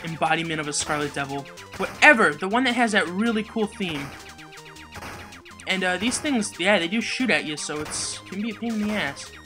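A man giving casual let's play commentary, swearing and shouting at enemies as he plays. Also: high-pitched, lively intonation, moderate pace. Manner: swears and yells at enemies, loud angry outbursts. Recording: game music behind the voice. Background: video game music.

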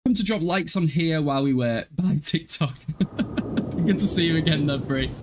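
Heavy background noise surrounds this gaming livestreamer from Hull, East Yorkshire, England, whose voice is fairly high and moderately paced. He chats casually with his viewers mid-game, laughing often and swearing freely.

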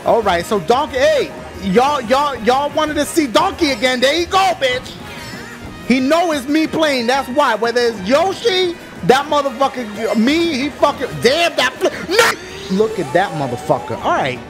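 A man giving loud, excited let's-play commentary, full of profane trash talk and yelling. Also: extremely high pitch, unhurried. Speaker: gaming commentator. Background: game music.

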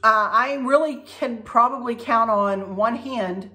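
A woman's voice: fairly high pitch, slow pace, pushed and bright. A middle-aged woman, chatting to her viewers in a folksy way and laughing often. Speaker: craft and decor vlogger. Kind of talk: casual chat to viewers.

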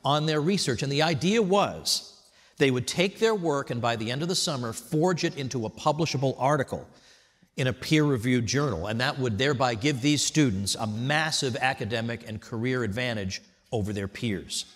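A man giving a prepared tribute speech at an event, telling stories in a wry, animated way. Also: medium pitch, normal speed, in a large hall. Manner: wry, animated storytelling with mock voices. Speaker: speaker at an institute event. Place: hotel event hall.

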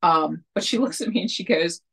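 Gravelly, rambling joking woman co-host. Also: lowish voice, fairly quick, a bit bright. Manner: rambling, joking, self-deprecating, laughs often. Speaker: podcast co-host. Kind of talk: casual chat.

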